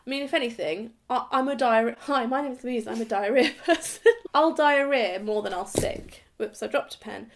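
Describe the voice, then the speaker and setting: A young English woman vlogging, chatting to a camera a few steps away, animated and acting out the voices in her story. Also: a little high, normal speed, hardly any pauses, a little hiss or hum.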